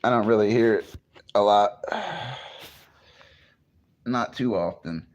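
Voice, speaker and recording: A man's voice: fairly low pitch, takes it slowly, darkish tone, lo-fi sound. A man from New Jersey chatting casually on a morning livestream, greeting viewers and swearing freely. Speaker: livestream host.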